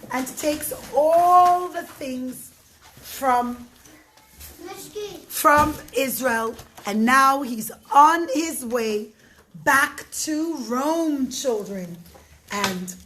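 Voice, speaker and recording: A woman narrates a story for children, her high voice full of expressive, dramatic pacing. The room around her gives a noticeable echo, and a faint hiss sits underneath. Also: very slow, pauses often. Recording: roomy echo, faint noise.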